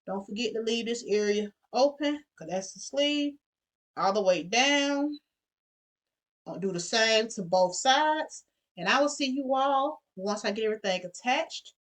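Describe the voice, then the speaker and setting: A woman's voice: a little high, expressive, measured pace. Chatty woman sewing vlogger, y'all. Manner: chatty, addresses viewers as y'all. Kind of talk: casual sewing tutorial.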